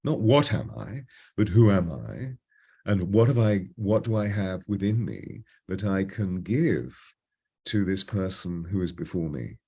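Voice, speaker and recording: A husky, low-pitched man in his seventies speaks in a polished British Received Pronunciation accent. He is a voice coach telling stories as an interview guest. His delivery swings between animated bursts and slow, hushed phrasing. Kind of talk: reflective interview storytelling.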